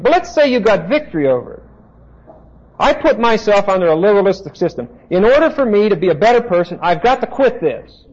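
High-pitched guy preaching a bible sermon, pounding his points home, muffled old tape sound. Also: a little mellow. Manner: emphatic, insistent preaching with asides to the congregation. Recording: dull lo-fi tape recording.

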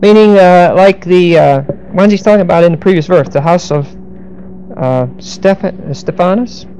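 Middle-aged male preacher, mellow dark voice, teaching scripture with grammar asides and humor; faint background hiss. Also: high voice, normal speed, poor audio. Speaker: pastor. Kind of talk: verse-by-verse sermon.

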